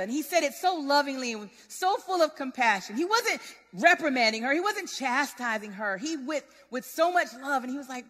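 A woman preaching a sermon in a lively, conversational, relatable way. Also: sits high, normal speed. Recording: long hall reverb.

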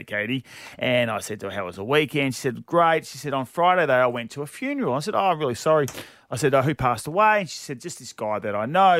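A man's voice: medium pitch, fairly bright tone, no room sound, studio quality. An Australian man co-hosting a radio show, telling a funny story in casual chat and laughing often.

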